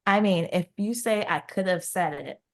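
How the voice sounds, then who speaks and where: A woman's voice: on the low side, normal speed. A woman co-hosting a podcast, recapping a romance novel in casual chat and acting out the characters' lines. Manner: animated retelling, acts out quoted lines. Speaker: podcast co-host.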